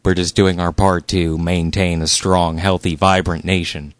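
A man with a very low voice makes a crude prank call. He talks bluntly and mockingly, and his voice sounds close and dry, with no room echo. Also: little pitch movement, measured pace. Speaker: prank caller.

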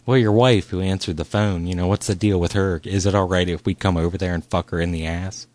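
A man with a very low voice makes a crude prank call. He talks bluntly and mockingly, and his voice sounds close and dry, with no room echo. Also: steady tone, a little fast, a little mellow. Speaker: prank caller.

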